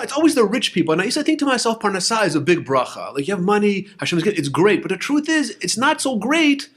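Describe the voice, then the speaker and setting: A man's voice: high voice, very animated, quick pace, hardly any pauses, a bit bright. A young man speaking casually, urging listeners to move to Israel and telling stories with voiced quotes and frequent restarts. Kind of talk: casual spoken talk. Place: lives in Israel.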